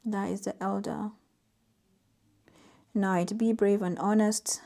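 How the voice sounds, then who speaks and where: A woman doing a tarot reading to her viewers, speaking softly and leaning gently into key words. Her voice is mellow and warm, pitched in a middle range for a woman. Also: steady tone, slow, vocal fry. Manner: soft-spoken, reads oracle card text aloud with gentle emphasis. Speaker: tarot reader. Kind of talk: intuitive tarot reading to camera.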